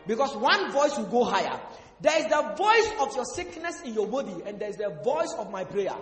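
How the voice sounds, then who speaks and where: A male pastor preaching a sermon, asking the congregation questions and breaking into sudden shouts. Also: extremely high pitch, very animated, a little fast. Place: church hall. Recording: echoey hall with faint music.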